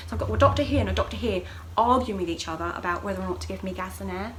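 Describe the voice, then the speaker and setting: A woman's voice: racing, few pauses, slight background noise, low-quality recording. A young woman vlogging, telling a personal story in a casual, chatty way and acting out what people said with big jumps in voice. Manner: animated, acts out voices of others with sharp jumps in pitch and loudness.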